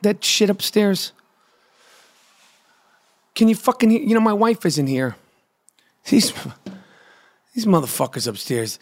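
Brief: middle-aged New podcast host, high-pitched, profane comic rant with shouted outbursts. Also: male voice. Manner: profane, ranting, yells in bursts.

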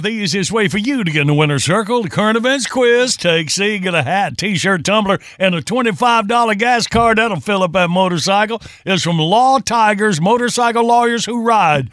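High, lively radio host. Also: male voice, moderate pace, no room sound, clean studio sound. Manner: lively, laughing, jokey. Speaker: radio morning show host. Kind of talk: casual radio banter and ad reads.

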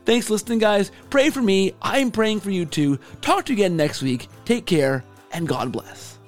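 A man hosting a podcast, hoarse and scratchy from allergies, gushing with enthusiastic praise as he wraps up an interview and signs off. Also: sits high, lively intonation, moderate pace, soft background music. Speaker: podcast host. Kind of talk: casual interview wrap-up and sign-off. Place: home in Canada.

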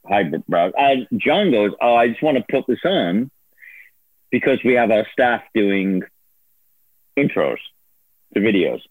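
A man's voice: medium pitch, husky, dry recording. A man tells a story as a guest, his voice swinging up and down as he laughs and acts out other people's lines. The line sounds narrow and phone-like, and the sound is close and dry with no room around it. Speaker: guest, former producer turned on-air host. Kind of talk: casual storytelling interview.

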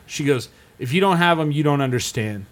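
Animated male podcast host. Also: on the high side, fairly quick. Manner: animated storyteller, acts out quotes in raised voices. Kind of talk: casual chat.

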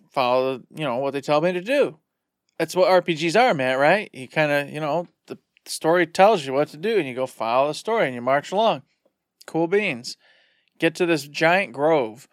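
A man co-hosting a podcast, retelling a game session in a rambling, animated way. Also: fairly high pitch, brisk, no room sound, studio quality. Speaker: podcast co-host. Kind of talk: casual storytelling.

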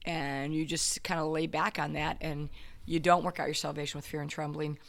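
A man with a gravelly, fry-laden voice, thinking out loud in a faith chat. He stumbles and restarts often, reflective rather than forceful. Casual and sincere. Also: on the high side, level tone. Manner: halting, restarts a lot, reflective.

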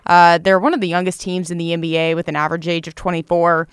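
Smooth-voiced female podcast co-host. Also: lowish voice, little pitch movement, quick pace, no room sound, studio quality. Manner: giggly, conversational. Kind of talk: casual sports podcast chat.

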